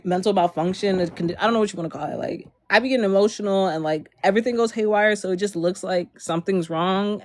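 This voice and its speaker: A woman's voice: mid-range voice, quick pace, hardly any pauses, slight background noise. A young woman from Maryland telling a personal story in a storytime vlog, rambling with lots of fillers and frequent laughs.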